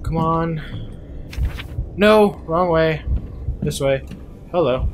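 A man talking through a horror game in a slightly high voice, half muttering and swearing under his breath whenever something startles him. Game sounds carry clearly beneath his voice. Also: very slow, long pauses, background noise. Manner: jumpy, mutters to himself, swears when startled. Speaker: gameplay YouTuber. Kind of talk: horror game let's play commentary.

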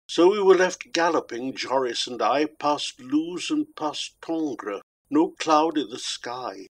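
A man giving a dramatic poetry reading with a measured, rhythmic delivery. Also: medium pitch, fairly bright tone, rough recording. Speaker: poetry reader.

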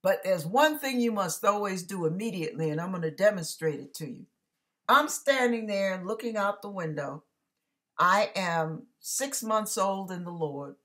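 Animated woman preaching. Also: medium pitch, normal speed. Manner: animated storytelling with asides to listeners. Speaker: online minister. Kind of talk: preaching monologue.

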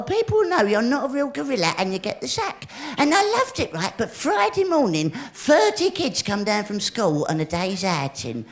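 A woman's voice: sits high, big pitch swings, normal speed, few pauses. A woman performing a live stand-up comedy routine, cheeky and rambling, talking straight to the audience. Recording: echoey live room with crowd laughter and noise. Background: audience laughter.

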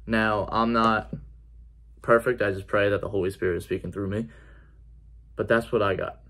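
A man's voice: on the low side, steady tone, normal speed, fairly bright tone. A man giving an earnest personal faith testimony in a conversational vlog style, repeating key phrases for emphasis. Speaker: faith vlogger.

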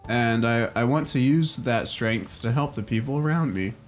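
A man's voice: medium pitch, moderate pace, faint music behind, natural voice. A man reading aloud the lines of an earnest teenage girl from a game in his own plain voice, without putting on a voice. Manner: reads her lines plainly without a put-on voice.

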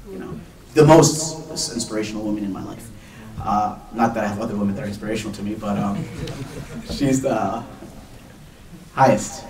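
Fast-talking male religious teacher, roomy. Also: medium pitch. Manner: chatty storyteller, quick asides. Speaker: Islamic teacher. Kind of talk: live religious lecture with anecdotes. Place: lecture hall before an audience. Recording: echoey room, mic far off.

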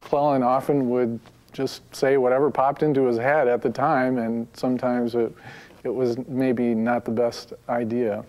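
A man speaks thoughtfully in a documentary interview, his pitch staying even and flat. He chooses his words with care. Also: unhurried.

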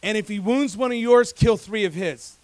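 A man's voice: high voice, normal speed, a little mellow, no echo, lightly acted, poor audio. A man quoting a tough old film cop. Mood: menacing. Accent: faint British-ish put-on. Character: tough older male cop mentor from a gangster film.

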